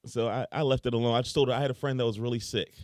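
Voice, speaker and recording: A man on a casual group podcast, telling a sad personal story slowly and with feeling. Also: medium pitch, fairly even intonation, a little mellow, dry recording, studio quality.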